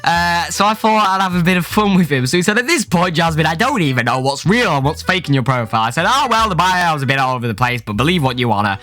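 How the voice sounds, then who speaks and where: A man's voice: on the high side, animated, sharp tone. Joking young man. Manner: jokey, swearing, quick shifts into mock voices. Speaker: YouTuber. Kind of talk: comedic commentary reading chat messages. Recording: faint music behind.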